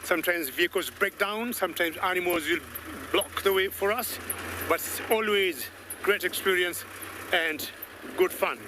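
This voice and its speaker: A high-pitched male safari guide speaks upbeat on a live outdoor broadcast. A vehicle engine rumbles clearly beneath his voice. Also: moderate pace, noisy background. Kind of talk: live wildlife broadcast chat.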